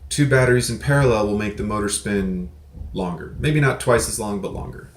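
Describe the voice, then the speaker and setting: A man's voice: fairly low pitch, brisk, reverberant, slight background noise. A man hosting a casual video reply, explaining things in a rambling, self-correcting way with offhand swearing. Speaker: prepper channel host. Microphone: desk mic with some feedback.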